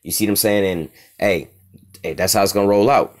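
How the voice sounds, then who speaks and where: A man acting as a religious teacher offers casual, profane commentary on scripture, reading verses slowly and repeatedly asking "all right?" His voice sits on the low side.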